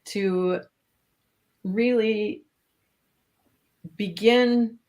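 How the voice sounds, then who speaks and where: A woman's voice: medium pitch, steady tone, very slow, darkish tone. Chatty woman with a Minnesota accent. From Minnesota, USA. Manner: chatty, laughs often. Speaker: interview guest, course alumna. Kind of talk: casual live-stream interview.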